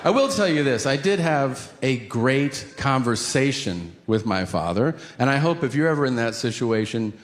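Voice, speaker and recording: A man in his forties doing a stand-up routine, telling stories with shouted character voices. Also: mid-range voice, lively intonation, normal speed, few pauses. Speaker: stand-up comedian. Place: theater stage with audience laughter. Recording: live hall with long reverb.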